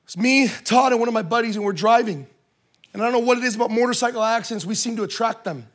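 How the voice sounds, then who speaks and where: High-voiced man telling a funny sermon story. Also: fast talker. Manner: lively, joking, conversational asides. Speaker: speaker at a church service. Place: in front of a live audience in a room.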